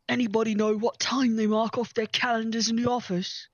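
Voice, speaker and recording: A woman's voice: on the high side, little pitch movement, fairly quick, hardly any pauses, no room sound, highs cut off. Giggly woman co-host. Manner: giggly, joking. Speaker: podcast co-host. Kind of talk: casual chat and story reading.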